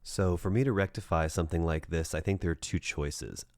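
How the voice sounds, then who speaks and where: A man with a deep, low voice, talking straight to the listener as a dating coach. His delivery is direct and conversational, and now and then he checks in with the listener. The sound is dry and close, with no room echo. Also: brisk, a little mellow. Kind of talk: advice monologue.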